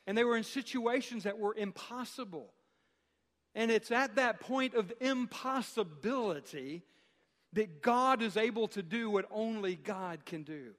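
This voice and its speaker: High-voiced male pastor preaching in a hall. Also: a bit bright. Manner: emphatic, repeats phrases, slows for key lines. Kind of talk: sermon. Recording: long hall reverb.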